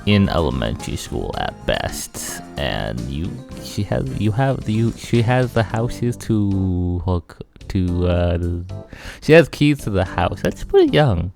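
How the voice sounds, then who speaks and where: A man's voice: sits low, expressive, slow pace, gravelly, over music. A man reading a visual novel's narration aloud and breaking off with wry asides as a let's play host. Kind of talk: reading game text aloud with commentary.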